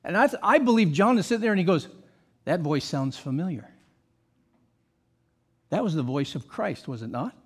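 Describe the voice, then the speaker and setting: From the pulpit, a high-voiced pastor preaches emphatically, firing rhetorical questions at the congregation and drifting into casual asides. His husky voice has a sing-song quality, moving quickly with hardly any pauses.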